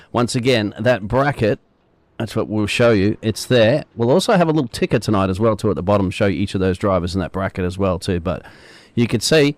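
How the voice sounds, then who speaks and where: A man giving color commentary on a sim race in a rapid, chatty way. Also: fairly low pitch, dry recording. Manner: rapid, chatty analysis with fillers.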